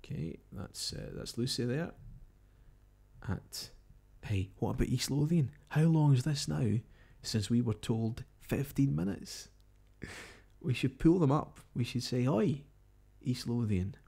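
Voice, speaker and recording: A Scottish man hosts live overnight results coverage in a radio-style broadcast, chatting casually, musing, and reading out tweets, updates and messages. His mid-range voice is unhurried, gravelly and mellow, with a breathy edge.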